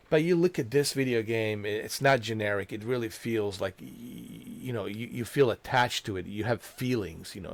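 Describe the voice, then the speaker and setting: A man's voice: fairly low pitch, gravelly. A man explaining a video game's story in casual, emotional commentary, repeating himself and calling the listener dude. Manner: emotional, repetitive, slangy with "dude". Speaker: gaming video creator.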